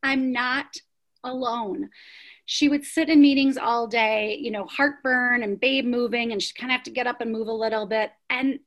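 A woman's voice: a little high, fairly even intonation, fairly quick, few pauses. A middle-aged woman, founder of a prenatal yoga studio, telling her story in an interview with emphatic rhetorical questions.

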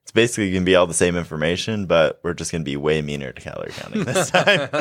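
A man's voice: deep voice, quick pace, no echo, clean studio sound. A young man co-hosting a health podcast, chatting casually and joking, laughing often. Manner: animated, laughs often, jokey. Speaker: podcast co-host, health coach.

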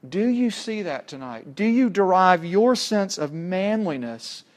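A man preaching a sermon, emphatic and full of rhetorical questions, swinging from loud to hushed. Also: high voice, animated, measured pace.

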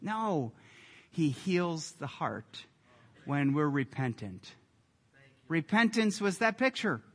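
A male pastor delivers a sermon with earnest, emphatic conviction that swells to loud peaks. His voice sits high and rings bright. The sound carries the long reverb of a large hall. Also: very animated, takes it slowly. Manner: earnest, emphatic preaching with rising intensity.

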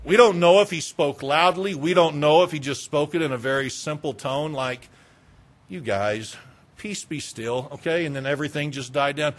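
A man preaching a sermon, retelling a story dramatically with repetition and swinging between loud passion and hushed quiet. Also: a little high, fairly even intonation, a little fast, hardly any pauses. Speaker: pastor.

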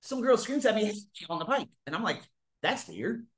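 Profane animated man in an echoey room. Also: fairly quick. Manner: profane, animated, big swings in pitch and loudness. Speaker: vlogger. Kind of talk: casual storytelling monologue.

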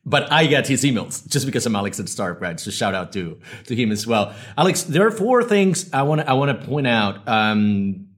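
A man's voice: mid-range voice, big pitch swings, normal speed, hardly any pauses. A man hosting a podcast, introducing guests in an upbeat, rambling, casual way. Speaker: podcast host and company founder.

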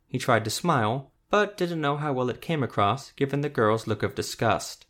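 Steady male audiobook narrator. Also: medium pitch, moderate pace, hardly any pauses. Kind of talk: scripted narration.

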